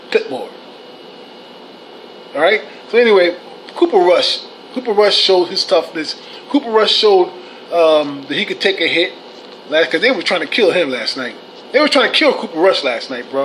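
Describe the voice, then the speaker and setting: High-voiced man ranting heatedly. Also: slight background noise, poor audio. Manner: profane, blunt and scolding; animated, swings to shouting. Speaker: sports fan commentator. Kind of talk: heated fan rant.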